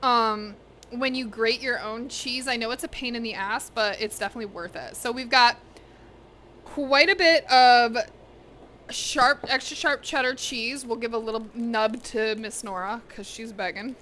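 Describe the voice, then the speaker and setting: Young woman streaming from her kitchen, bright, slightly high voice, chatty, soft hum of the room behind. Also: a little slow. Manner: chatty, talks to chat and to her pets. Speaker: cooking streamer. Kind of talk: casual livestream chat while cooking. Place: home kitchen.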